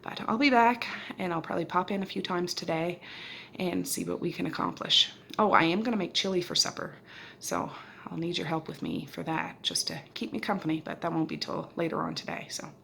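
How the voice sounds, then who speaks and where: A woman's voice: fairly low pitch, brisk, vocal fry, fairly bright tone, a little hiss or hum. A middle-aged woman vlogging her day at home on a handheld phone, talking in a chatty, homely way straight to her viewers. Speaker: vlogger and mother. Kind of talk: casual day-in-the-life vlog narration. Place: home and car, in Nova Scotia. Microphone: handheld phone camera.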